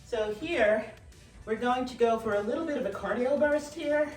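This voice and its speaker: Slightly winded, a middle-aged female trainer with a fairly high-pitched, a little mellow voice talks at normal speed while lifting dumbbells. She's encouraging, calling out form cues and counting reps; the recording is distant and roomy, with faint music.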